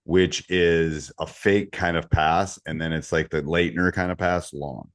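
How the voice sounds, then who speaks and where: A man co-hosting a podcast about coaching youth basketball, talking in a relaxed, storytelling way with low asides. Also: unhurried, no room sound, studio quality. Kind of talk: casual podcast chat.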